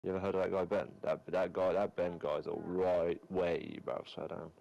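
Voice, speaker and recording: Deep streamer, crude slangy trash talk with mates on chat. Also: male voice, flat delivery, moderate pace, creaky, warm tone, highs cut off. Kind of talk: casual banter with friends on voice chat.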